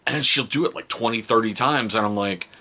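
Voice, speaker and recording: A middle-aged man telling stories about his kids in a casual, joking vlog. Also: fairly quick. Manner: animated, jokey, mimics his kids in high voices. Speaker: vlogger, father.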